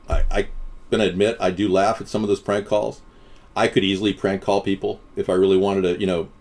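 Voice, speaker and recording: A man hosting a political live stream, talking casually in a rambling, digressive way full of halting restarts. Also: sits low, darkish tone. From West Coast of the US.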